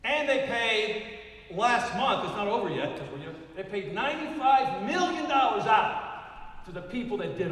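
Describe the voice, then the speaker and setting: High-voiced older man preaching in an echoey hall. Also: fairly bright tone. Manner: emphatic, punchy, repeats key numbers. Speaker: motivational speaker. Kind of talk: motivational speech to a live audience. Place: large hall. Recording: echoey hall recorded from far off.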